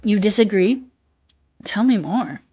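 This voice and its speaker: A young woman with a soft, childlike voice, a little sick, chatting casually on a stream, reading chat and swearing offhandedly. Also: medium pitch, lively intonation, measured pace, slightly rough, soft background music. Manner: reads chat aloud, swears casually, sings snatches.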